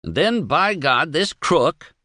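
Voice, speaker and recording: A man's voice: a little high, expressive, slow, sharp tone, no room sound, studio quality, voice pushed up, exaggerated voice. A man voicing a wry, outspoken middle-aged man who rambles sardonically and with emphasis. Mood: sardonic.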